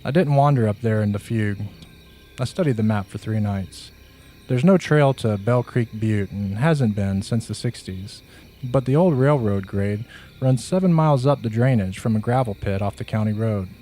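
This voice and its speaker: A man narrating a first-person horror story in a slow, measured, hushed way. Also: lowish voice.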